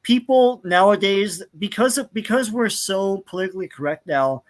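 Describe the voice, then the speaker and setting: A man with a fairly high voice chatting as a co-host. He tells animated stories, stumbling over fillers and restarts as he goes. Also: moderate pace. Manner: animated storyteller, hesitant fillers. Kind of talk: casual chat.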